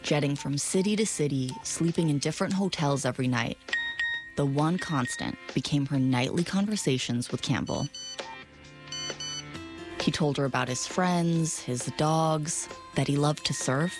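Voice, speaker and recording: Low-voiced woman narrating and interviewing. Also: over music. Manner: measured narration, probing follow-up questions. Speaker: host and narrator. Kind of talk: scripted documentary narration and interviewing.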